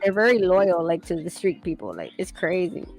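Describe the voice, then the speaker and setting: A woman's voice: fairly low pitch, big pitch swings, moderate pace, darkish tone, soft background music, poor audio. Woman, loose casual storyteller, laughs a lot, swears easily. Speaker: streamer chatting while sketching. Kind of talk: casual chat.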